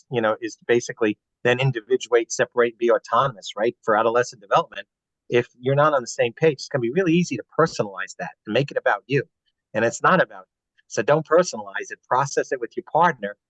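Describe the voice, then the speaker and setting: A man's voice: mid-range voice, fairly bright tone, no echo. Earnest man advising parents. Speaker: guest speaker. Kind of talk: webinar talk. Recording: dull, dry webinar audio.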